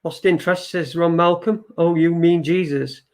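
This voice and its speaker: A man's voice: on the high side, fairly even intonation, moderate pace. A man hosting a live stream in casual chat, reading viewer comments aloud, rambling and swearing and repeating himself. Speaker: livestream show host.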